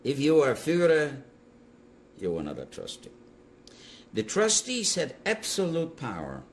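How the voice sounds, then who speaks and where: An older man, a Holocaust survivor, recounting his memories to an interviewer in emphatic, animated storytelling. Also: fairly high pitch, unhurried, slight background noise. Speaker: Holocaust survivor giving testimony.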